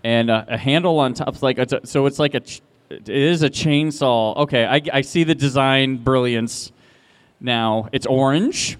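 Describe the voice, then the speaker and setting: A man's voice: mid-range voice, moderate pace, smooth. A man hosting a live game show on a convention stage, chatty and laughing, with stumbling restarts, speaking into a handheld mic. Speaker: podcast host running a live game.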